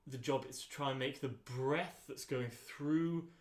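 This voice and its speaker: In an echoey rehearsal room, a man with a medium-pitched voice leads a choir rehearsal as its voice teacher. His instructions come calmly and without hurry, peppered with frequent ums.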